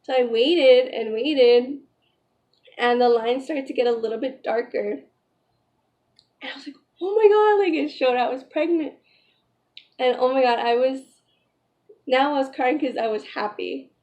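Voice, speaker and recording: A woman's voice: sits high, fairly even intonation, measured pace, pauses often, darkish tone, lo-fi sound. A young pregnant woman chatting in a casual vlog, retelling a story emotionally with lots of "like" and "you know". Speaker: vlogger.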